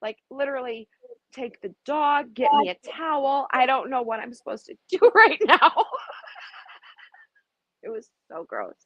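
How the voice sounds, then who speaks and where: A woman on a live panel, telling an expressive story and quick to laugh. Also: high voice, dry recording, muffled recording. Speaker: panel guest. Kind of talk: casual chat.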